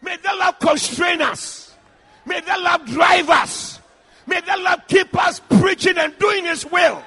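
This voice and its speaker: A man preaching a fiery sermon, shouting repeated lines with call-and-response cries. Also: very high voice, takes it slowly, some chatter behind.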